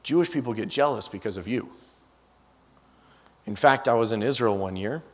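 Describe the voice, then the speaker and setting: A man's voice: mid-range voice, moderate pace, breathy edge. Man preaching through story in a reverberant hall. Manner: storyteller with frequent restarts and asides. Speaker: guest preacher. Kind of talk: storytelling sermon. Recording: long reverb of a large hall.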